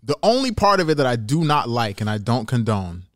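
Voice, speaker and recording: A man's voice: medium pitch, very animated, a little fast, no echo, clean studio sound. A man co-hosting a sports podcast, arguing his point emphatically between laughs. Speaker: podcast co-host. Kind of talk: casual sports chat.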